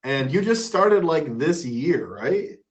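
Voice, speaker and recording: A man's voice: on the high side, slow pace. A man hosting a live stream, chatting casually and playfully with his guest and viewers. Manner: animated, playful, shouting out supporters. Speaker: stream host.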